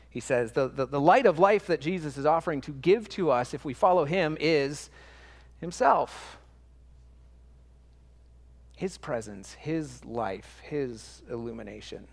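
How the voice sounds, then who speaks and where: A man's voice: medium pitch, fairly bright tone, in a large hall. A man preaching a sermon in church, earnest and emphatic, stacking up repetitions and restarting phrases as he works through a thought. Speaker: pastor.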